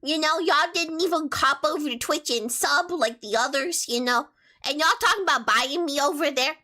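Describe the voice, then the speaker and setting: A woman with a high, childlike voice chats casually on a live stream, reading out messages and answering them. She sounds bright and crisp, playful and teasing in her asides. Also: expressive, moderate pace.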